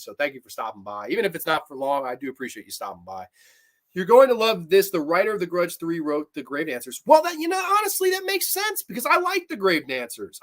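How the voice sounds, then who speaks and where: A man's voice: sits high, bright, forceful tone. A man hosting a live movie review stream, swearing freely and ranting heatedly, then reading viewer comments aloud. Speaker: livestream host.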